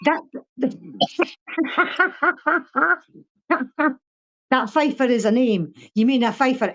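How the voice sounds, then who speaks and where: A woman's voice: high-pitched, lively intonation, drawn-out words, long pauses, a bit bright, highs cut off. An older woman with a Fife Scottish accent, a guest chatting bluntly in an interview, swearing freely and laughing often. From Scotland (Fife). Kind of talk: casual interview chat.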